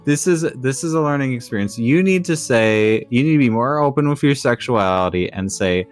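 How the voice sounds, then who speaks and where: A man's voice: medium pitch, expressive, brisk, soft background music. Teasing, stammering man. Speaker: guest streamer. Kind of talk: casual chat.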